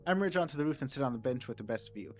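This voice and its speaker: A man streaming a playthrough, reading the narration aloud and breaking off for relaxed, chatty asides. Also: mid-range voice, rapid-fire. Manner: relaxed, chatty, self-correcting. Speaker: streamer reading a visual novel mod. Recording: slightly dull with soft music.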